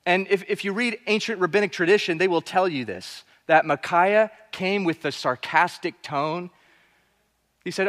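A man preaching a sermon, emphatic, now and then dropping to soft, quiet asides. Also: high-pitched, moderate pace, big-room sound. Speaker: pastor.

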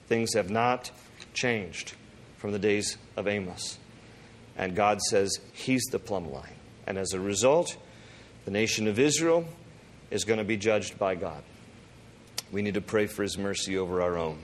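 A man preaching a sermon, reading scripture and acting out the speakers in lively voices. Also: fairly low pitch, normal speed. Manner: animated, acts out quotes with voices. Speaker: pastor.

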